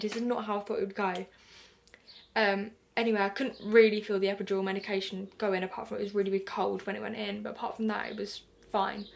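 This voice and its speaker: Young woman, UK vlogger, casual storytelling, animated quoted dialogue, slightly high pitch. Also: creaky.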